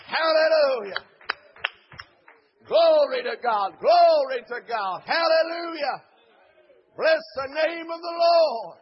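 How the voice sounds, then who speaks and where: A man preaching a Pentecostal sermon in a church, chanting and shouting his lines with rhythmic "uh" breaks. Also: very high voice, expressive, takes it slowly, long pauses, lo-fi sound. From Dayton, Ohio.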